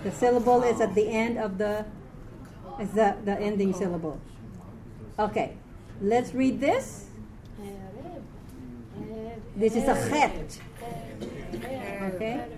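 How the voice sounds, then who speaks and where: A tired woman teaching a live reading class, chatty, quick to laugh and correct herself. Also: mid-range voice, crowd noise.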